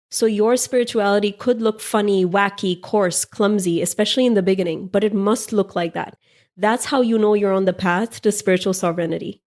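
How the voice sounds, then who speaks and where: A woman's voice: medium pitch, a little mellow. Playful irreverent woman podcaster. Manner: playful, irreverent, laughs often. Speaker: podcast host. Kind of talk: spiritual monologue.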